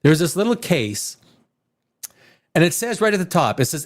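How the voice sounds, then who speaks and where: Animated, swearing male stream host. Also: a little slow. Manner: animated, profane, swings between loud peaks and low mutters. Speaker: live show host. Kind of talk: casual ranting commentary.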